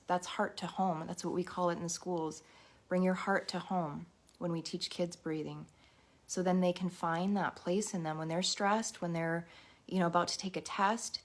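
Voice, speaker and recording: A woman with a lowish voice leads a live guided meditation and mindfulness talk. She speaks straight to her viewers in a gentle, encouraging way.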